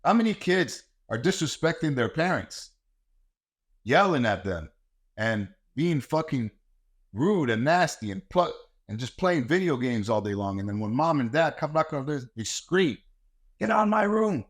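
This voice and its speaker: With a mid-range voice, lively intonation and a moderate pace, a middle-aged podcast host vents about bringing up kids. The martial arts coach keeps the rant blunt, heated and profane.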